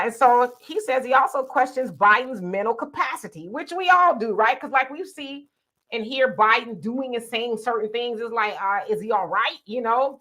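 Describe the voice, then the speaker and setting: A woman with a bright, forward voice, pitched a little high, hosting a live discussion. She talks loosely and conversationally, drops in fillers and quotes people in quick asides. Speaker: host. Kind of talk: casual political commentary.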